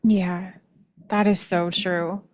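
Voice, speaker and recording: A woman hosts a podcast with a slightly low voice, recorded close and dry with no room sound. She answers her guest with steady, affirming agreement. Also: slow, no room sound. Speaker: podcast host. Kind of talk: interview conversation.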